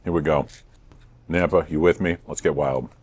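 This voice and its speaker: A man in his thirties hosting a casual food review vlog, playful and self-mocking with deadpan jokes. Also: very deep voice, normal speed, breathy edge. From United States. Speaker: host.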